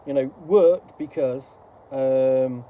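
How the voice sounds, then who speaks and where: A middle-aged man giving casual, rambling, halting commentary while unboxing a book. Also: medium pitch, phone-quality sound, slight background noise.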